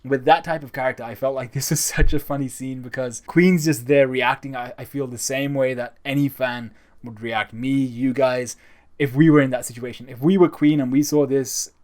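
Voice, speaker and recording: A man's voice: mid-range voice, fairly even intonation, fairly quick, a little mellow. A man giving a casual, enthusiastic spoken review of a comic chapter, talking conversationally. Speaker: manga reviewer.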